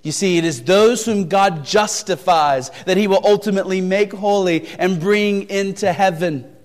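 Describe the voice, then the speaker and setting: The sermon comes from a man whose voice sits high, trailing a long reverb tail. He preaches deliberately and emphatically, repeats his main phrases, and asks searching rhetorical questions.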